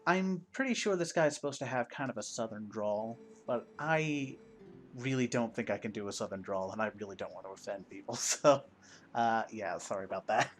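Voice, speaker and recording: A man's voice: on the low side, normal speed, soft background music. A man commenting casually as he plays a video game, rambling and joking at his own expense. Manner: self-deprecating, joking, rambling. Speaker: let's play host.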